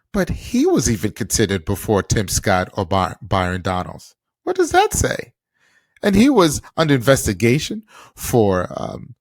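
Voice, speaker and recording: A political podcast host gives an impassioned commentary monologue packed with rhetorical questions. His voice is medium-pitched, and there's no echo.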